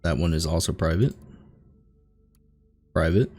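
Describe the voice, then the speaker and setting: A man's voice: deep voice, unhurried, warm tone, soft background music. A man hosting a let's play, thinking aloud as he reads through on-screen text in a casual commentary style. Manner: musing aloud while reading on-screen text.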